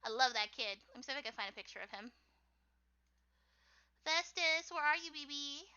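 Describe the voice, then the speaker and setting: A young woman with a squeaky voice chatting casually on a livestream while she draws, rambling with lots of "like" and frequent laughter. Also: lively intonation, normal speed, pushed and bright, highs cut off. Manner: rambling, full of "like", laughs often. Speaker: artist streaming her drawing work.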